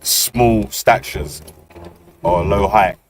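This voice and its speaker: A man's voice: on the low side, lively intonation, very slow. Teasing man in casual banter. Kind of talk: casual chat.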